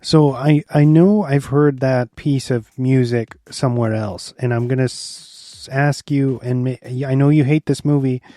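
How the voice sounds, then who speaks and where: Easygoing mellow-voiced man talking movies. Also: mid-range voice, fairly even intonation, no echo, clean studio sound. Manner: easygoing, quick to laugh, retells scenes with quotes. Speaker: podcast guest. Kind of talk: casual film review chat.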